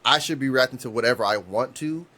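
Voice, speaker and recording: He talks fast, his medium-pitched voice pushed and bright, as a podcast co-host in his thirties. Expect wandering anecdotes full of restarts and loose profanity.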